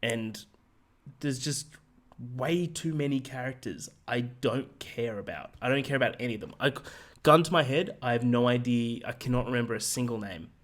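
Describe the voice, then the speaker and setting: A man co-hosting a podcast, giving a casual, rambling film review with many fillers and restarts in a monotone voice. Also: medium pitch, moderate pace. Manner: calls his voice monotone. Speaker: podcast co-host.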